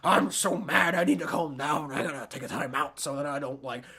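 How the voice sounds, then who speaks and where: A man briefly voicing an angry football coach, muttering that he needs to calm down. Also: fairly high pitch, a little fast, husky, pitched below the performer's own voice, heavily acted. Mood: irritated.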